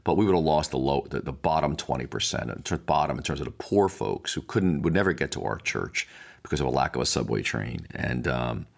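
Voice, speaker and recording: A man's voice: extremely low pitch, expressive, fairly quick, gravelly. A man, older, speaking as a pastor and podcast host in a reflective teaching monologue, wandering through asides and restarts. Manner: rambling, many restarts and asides.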